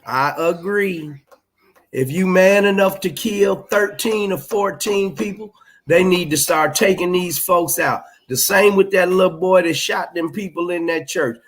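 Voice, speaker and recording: The livestream host, a middle-aged man, delivers chat comments in a blunt, swearing, emphatic manner, his high-pitched voice at a moderate pace.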